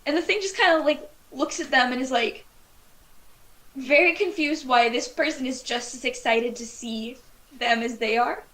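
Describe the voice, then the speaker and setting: High-voiced woman running a tabletop game. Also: normal speed, a bit bright. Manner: rambling, filler-heavy, giggly describing. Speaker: game master. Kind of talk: casual tabletop game narration.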